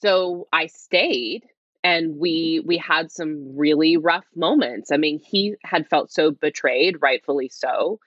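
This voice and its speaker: A woman with a low voice recounts her own story in a candid, hushed half-whisper. She rambles and restarts, leaning on "like" constantly. The audio is dull and lo-fi, with a dry, close sound. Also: slow pace, no room sound. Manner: rambling, heavy use of "like", restarts. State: speaking quietly, half-whispering. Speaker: interview guest.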